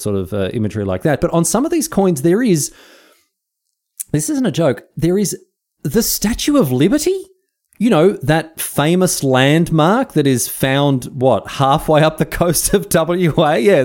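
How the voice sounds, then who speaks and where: A man's voice: mid-range voice, a little mellow. An Australian man hosting a comedic history podcast, telling the story with sarcastic, playful asides. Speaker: podcast host.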